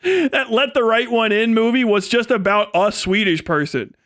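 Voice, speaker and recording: A man's voice: high-pitched, moderate pace, fairly bright tone, no echo, studio quality. A male streamer on a rambling, profane comedic rant, often breaking into laughter.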